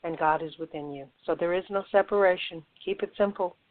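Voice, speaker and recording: A woman's voice: fairly low pitch, brisk. Woman channeler on a phone-like line. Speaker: host and channeler. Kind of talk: spiritual talk show.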